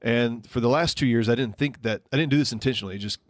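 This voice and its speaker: A man's voice: mid-range voice, fast, no echo, studio quality. A man co-hosting a podcast, chatting casually and rambling a bit with ums and restarts. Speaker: podcast co-host.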